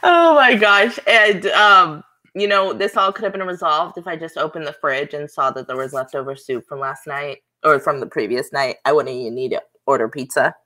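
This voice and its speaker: A woman's voice: deep voice, normal speed, sharp tone. Laid-back young woman, lots of ums. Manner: laid-back storyteller, filler-heavy. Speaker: podcast co-host. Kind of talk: casual chat.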